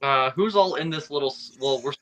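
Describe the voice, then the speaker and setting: A man's voice: mid-range voice, fairly quick, bright, forceful tone, poor audio. A man co-hosting a podcast, joking and a little hesitant as he picks his parts. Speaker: podcast co-host. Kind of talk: casual banter.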